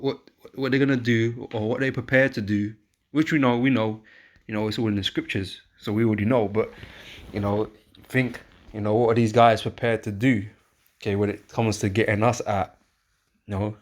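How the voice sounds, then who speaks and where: Rambling, low-voiced man preaching. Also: a little mellow. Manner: rambling, repetitive, emphatic with frequent fillers and tag questions. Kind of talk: informal preaching with scripture reading.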